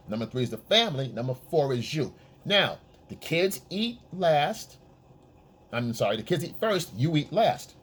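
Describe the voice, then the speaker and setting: A man's voice: medium pitch, slightly rough. A man giving blunt, profane dating advice in a casual monologue, often checking in with the listener. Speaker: men's dating coach.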